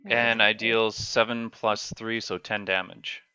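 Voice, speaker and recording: A man's voice: on the low side, flat delivery, a little slow, bright, forceful tone, smooth, no room sound. A man playing in a casual tabletop game, methodically working through his attack rolls aloud. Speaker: player. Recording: dull dry lo-fi mic.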